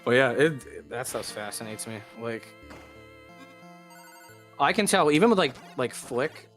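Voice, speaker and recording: A man's voice: medium pitch, animated, a little slow, fairly bright tone, faint music behind. A male streamer at his mic, chatting loosely with a mid-range voice. He rambles along, leaning on filler words as he talks. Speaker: streamer host. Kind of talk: casual chat.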